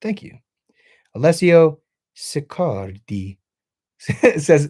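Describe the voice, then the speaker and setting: A male streamer talking off the cuff from a home setup, loose and profane. His pitch swings widely as he talks, lively and animated. He reads out viewer comments and throws questions to the room. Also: normal speed, a little hiss or hum. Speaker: livestream host. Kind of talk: casual chat with stream viewers.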